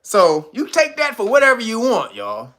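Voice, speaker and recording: With a very high voice at a moderate pace, a man tells an animated story in casual commentary. He swears freely and puts on voices for everyone he quotes.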